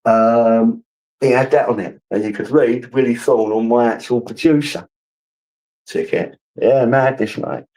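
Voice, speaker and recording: A man's voice: mid-range voice, steady tone, a little slow, dark tone, poor audio. Swearing man ranting on stream. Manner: swearing, rambling storyteller who answers his chat. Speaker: live streamer. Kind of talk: casual live-stream rant.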